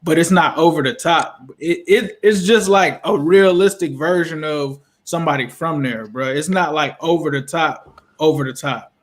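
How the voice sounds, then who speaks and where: A man hosting a casual live-stream chat, animated and leaning on "bro" as he talks. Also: fairly high pitch, moderate pace. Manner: animated, says bro a lot. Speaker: host.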